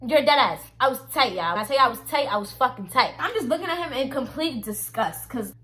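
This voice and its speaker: A young woman telling a storytime story to her viewers, animated and profane, talking straight to the camera. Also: high voice, quick pace. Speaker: vlogger. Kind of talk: casual storytime monologue.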